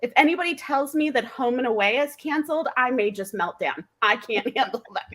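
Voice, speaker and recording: A woman's voice: fairly high pitch, expressive, fairly quick, fairly bright tone. A woman guest author introducing herself in a bubbly, emphatic chat. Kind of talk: casual chat.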